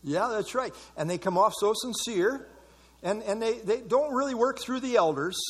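A man's voice: high-pitched, animated, normal speed, slightly rough. A man leading an evening church Bible study in a casual, conversational way, commenting on verses and asking the group for thoughts.

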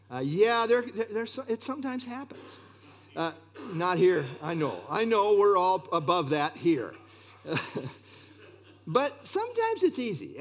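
A man preaching a sermon, expressive and talking straight to his congregation with asides. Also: high-pitched. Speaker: pastor.

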